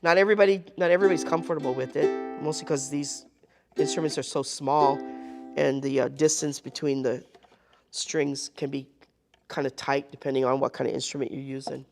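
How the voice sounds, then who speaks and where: A woman's voice: deep voice, steady tone, fairly quick, music in the background. A woman teaching a live group ukulele lesson, counting beats aloud and checking in with the class. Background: ukulele playing.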